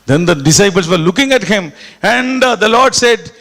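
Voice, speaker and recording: Gravelly preacher in an echoing hall. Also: male voice, sits high, moderate pace. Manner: animated, repetitive preaching with sudden quiet drops. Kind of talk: sermon. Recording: echoey hall with long reverb.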